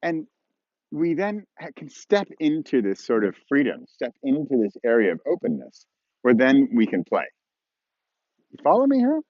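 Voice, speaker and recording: A man's voice: mid-range voice, sing-song, normal speed, no room sound, highs cut off. A man giving a casual outdoor video lesson on writing, playfully acting out tones of voice and imagined conversations. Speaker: writing course teacher. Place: outdoors on a snowy slope with skiers passing.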